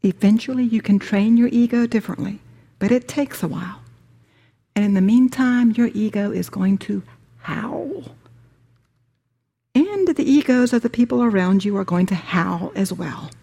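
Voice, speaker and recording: A woman teaching a spiritual workshop, speaking deliberately with emphatic repetition. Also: medium pitch, gravelly, dark tone, breathy edge.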